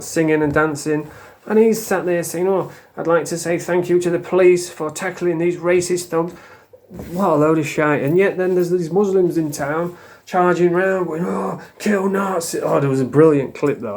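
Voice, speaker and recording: A man with a South Yorkshire accent delivers a loose, angry rant to camera. He swears constantly and rambles with open scorn. His voice sits slightly higher than most men's. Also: darkish tone. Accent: South Yorkshire English. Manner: rambling with mocking put-on voices. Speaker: vlogger.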